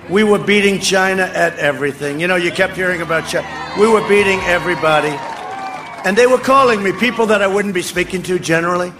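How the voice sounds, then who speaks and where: An older man giving a boastful, rambling campaign rally speech outdoors, ad-libbing to the crowd and often shouting. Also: sits high. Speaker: political speaker at a rally. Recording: speech over a faint crowd and noisy ambience.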